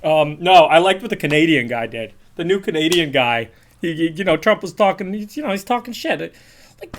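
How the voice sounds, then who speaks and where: A man's voice: high voice, fairly bright tone. A man, ranting bluntly and profanely during a livestream, often rambling and repeating words. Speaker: streamer.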